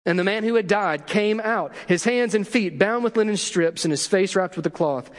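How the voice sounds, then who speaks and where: A pastor with a high voice preaches a storytelling sermon. He asks the congregation questions and acts out the quotes he tells. His voice rings through a hall with long reverb. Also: moderate pace.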